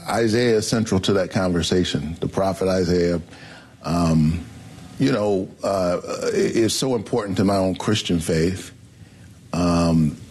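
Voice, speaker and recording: Deep husky preacher-like man. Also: darkish tone. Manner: preacherly cadence, quotes scripture, frequent um and uh. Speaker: senator and pastor, interview guest. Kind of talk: reflective interview answer.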